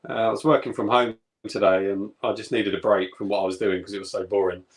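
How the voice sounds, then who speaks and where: A man's voice: lowish voice, steady tone, quick pace. A man chatting casually and easily with friends. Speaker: live stream co-host. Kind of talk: casual pub chat.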